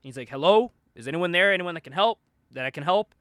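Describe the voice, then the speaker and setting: Animated high-voiced man recapping comics. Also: fast, dry recording, clean studio sound. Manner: animated retelling, acting out characters' lines with frequent laughter. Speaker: podcast host. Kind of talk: casual comic book recap.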